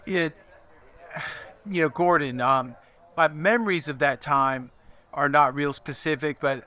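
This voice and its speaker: A man of around sixty giving a eulogy for an old friend, speaking in a measured, hesitant way with many fillers. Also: on the high side, bright, forceful tone. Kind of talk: memorial speech, reminiscence.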